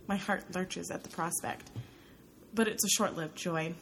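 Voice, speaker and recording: Woman audiobook narrator, introspective first-person read, slightly low register. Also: fairly even intonation, a little slow, creaky, a little hiss or hum, poor audio.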